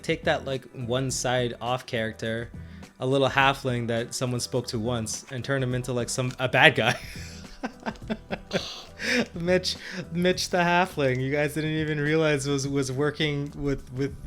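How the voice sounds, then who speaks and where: A man's voice: mid-range voice, measured pace, a bit bright, faint music behind. Rambling male podcast host telling stories. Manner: rambling, restarts, laughs often. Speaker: podcast co-host and game master. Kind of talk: casual chat.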